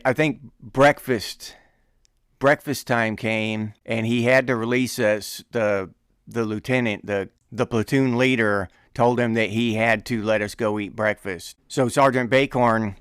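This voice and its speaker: A middle-aged man hosting a podcast, telling an army story in a casual, animated way, often laughing and acting out shouted quotes. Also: medium pitch, measured pace, clear, resonant tone, no room sound, studio quality. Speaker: podcast host.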